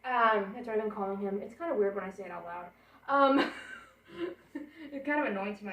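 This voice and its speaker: A young woman with a medium-pitched, somewhat bright voice chats fairly quickly for her home vlog, rambling and thinking out loud as she unpacks baby equipment in her apartment bedroom. There's a portable air conditioner hum, and the roomy audio suggests a camera placed a bit far off.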